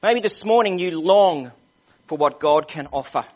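A man's voice: a little high, lively intonation, normal speed. A male pastor preaching a sermon, telling a story with earnest appeals to his listeners. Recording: dull lo-fi sermon recording.

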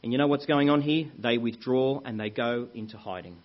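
A man's voice: medium pitch, a little fast. A man preaching a sermon in an earnest way, calling the congregation brethren and telling anecdotes. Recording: muffled lo-fi recording.

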